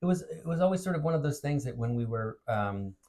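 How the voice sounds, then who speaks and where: An American man from the United States, co-hosting a podcast in a halting, rambling way with many fillers. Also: mid-range voice, animated, a little mellow. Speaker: podcast co-host. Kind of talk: casual chat.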